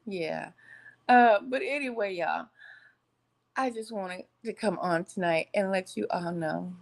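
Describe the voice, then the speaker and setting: This vlog host speaks to her viewers in a mid-range voice, a little on the slow side. She's casual and laughs a lot, occasionally drifting into a preacher-style cadence.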